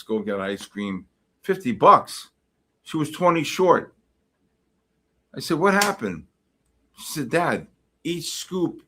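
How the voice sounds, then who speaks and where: Brief: middle-aged man, livestream host, casual, animated, mock-exasperated banter. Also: medium pitch. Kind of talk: casual chat reading live comments.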